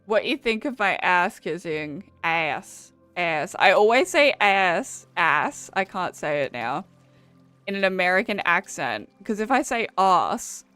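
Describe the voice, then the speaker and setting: A woman's voice: fairly low pitch, a bit bright, no echo. A young Australian woman chatting casually with her viewers while playing a game, laughing often and swearing freely. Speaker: streamer. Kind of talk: casual chat while gaming.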